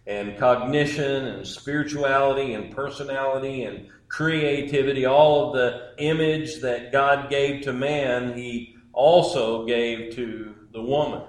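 Slow, emphatic male preacher. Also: medium pitch, steady tone. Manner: measured and emphatic, with repeated phrases. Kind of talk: sermon. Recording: echoey church room.

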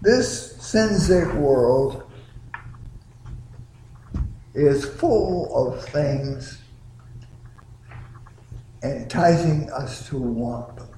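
A middle-aged male pastor preaching a sermon with slow, deliberate, drawn-out words in a church sanctuary. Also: fairly high pitch, expressive, mellow, a little hiss or hum. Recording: echoey church room.

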